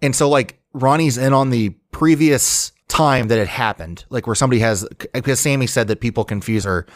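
A man's voice: mid-range voice, brisk, no echo. Male podcast co-host, casual and rambling, dry close mic. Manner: rambling, full of "like" and restarts. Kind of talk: casual chat.

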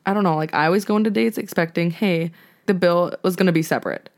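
Rambling low-voiced young woman co-host. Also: quick pace, a little mellow. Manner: self-deprecating, rambling with many fillers. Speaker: podcast co-host. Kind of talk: casual chat.

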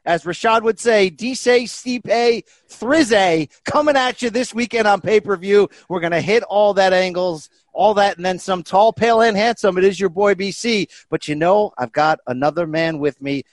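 Pumped up podcast host guy, highish voice, cracks jokes, dry close sound. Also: moderate pace, few pauses, dry recording. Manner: hyped, jokey, animated. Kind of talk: energetic podcast chat.

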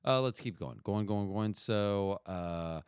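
A man's voice: on the low side, slow pace, smooth, dry recording, studio quality. A man hosting a podcast, talking casually in a rambling, chatty way that keeps interrupting itself. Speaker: podcast host.

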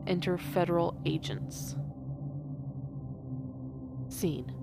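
A woman's voice: on the low side, very slow, gravelly, over music. A woman player reading stage directions from a play script aloud.

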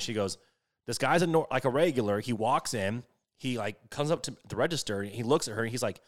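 A young man telling a story in casual chat, animated, swearing freely and filling his talk with "like". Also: medium pitch, a little fast. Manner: animated, swears a lot, many fillers.

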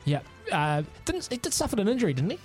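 A man's voice: high voice, fast talker, soft background music. A man co-hosting a sports radio show, joking and running a draft game in casual banter. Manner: animated, joking, runs the draft picks. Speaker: radio co-host.

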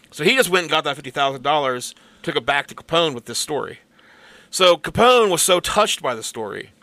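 Guy on a podcast telling a story, bright tense voice, real dry sound. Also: a little high, dry recording. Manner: laid-back storyteller, swears casually. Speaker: podcast co-host. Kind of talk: casual chat, storytelling.

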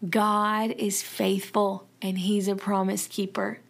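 A woman's voice: mid-range voice, flat delivery, takes it slowly, gravelly. A woman with a Southern accent giving an earnest, conversational Bible study talk, with fillers and restarts along the way. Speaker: Bible teacher.

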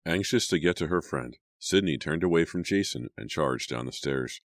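A man narrating a teen horror audiobook in a steady, dramatic storytelling manner. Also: extremely low pitch, moderate pace, no echo, studio quality.

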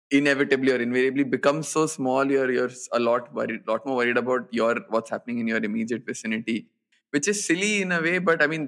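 A young man at an ordinary middle pitch, talking casually on a podcast. He tells a story in a loose, rambling way, with fillers, restarts and quick laughs. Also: a bit bright. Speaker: podcast co-host. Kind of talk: casual chat.

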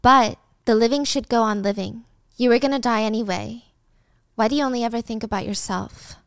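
A woman's voice: on the high side, brisk, clear, resonant tone, no echo, clean studio sound, natural voice. A woman doing a whiny, spoiled best friend. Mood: scornful. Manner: whiny, pleading.

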